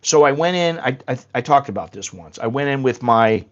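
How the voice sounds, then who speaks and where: A man's voice: medium pitch, expressive, fairly quick, dull audio. Blunt, rambling man on a livestream. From United States. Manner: rambling, blunt storytelling with casual swearing. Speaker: livestream host. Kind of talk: casual livestream chat.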